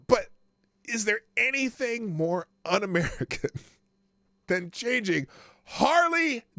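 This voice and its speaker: A man's voice: on the high side, gravelly, a bit bright, dry recording, studio quality. A male host giving casual live commentary, crude and mocking, often breaking into laughter.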